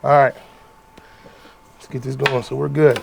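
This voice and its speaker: This juice-making vlogger has a medium-pitched voice with little pitch movement and some vocal fry, and he talks a little slowly. He chats casually to the camera and his viewers during the kitchen demonstration while a loud juicer roars over him.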